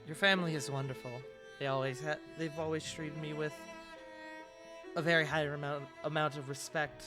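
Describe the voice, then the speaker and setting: A man's voice: a little high, little pitch movement, normal speed, over music, close to an everyday voice. A man voicing a shy, polite young woman who stammers when embarrassed.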